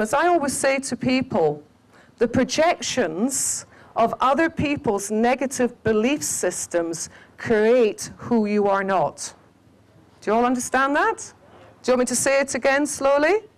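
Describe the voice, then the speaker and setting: A middle-aged woman from the Highlands, giving a spiritual talk to a festival audience, quizzing listeners and stretching out key phrases. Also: rough recording. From Scottish Highlands. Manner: animated, quizzes the audience, drawn-out emphatic phrases. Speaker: shamanic teacher.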